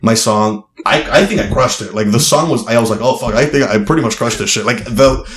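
On a casual podcast, a young guest comedian from Miami rambles through a story full of fillers and profanity. He speaks in a brisk, fairly bright mid-range voice, and the recording has a roomy echo.

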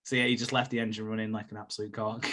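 Bright-voiced man recapping, laughing. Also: lowish voice, flat delivery, very fast. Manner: laughs often while retelling the plot. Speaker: podcast co-host recapping a TV episode. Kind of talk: casual chat.

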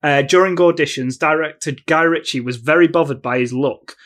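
A man's voice: fairly high pitch, brisk, a bit bright. Man telling a film anecdote. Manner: storytelling, laughing, swears. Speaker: podcast co-host. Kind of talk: casual film review chat, telling anecdotes.

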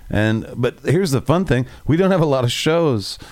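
A man's voice: medium pitch, animated, normal speed, a little mellow, dry recording. A man co-hosting a podcast and playing in a band, rambling and joking in casual chat. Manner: rambling, joking, self-deprecating. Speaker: podcast co-host, band musician.

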